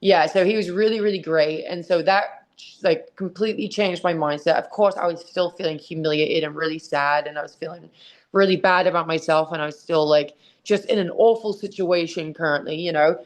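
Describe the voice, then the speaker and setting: In a call-based interview, a female guest who wrestles and writes books opens up emotionally from her home, dog at her side, speaking bluntly and swearing without restraint. Her voice is fairly low and fairly quick.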